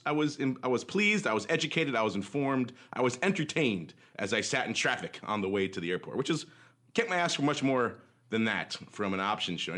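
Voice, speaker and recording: A man's voice: medium pitch, a bit bright. A man hosting a casual markets podcast in an upbeat, rambling way, his voice slightly worn from days of talking. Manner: chatty, upbeat, rambling asides. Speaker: podcast host.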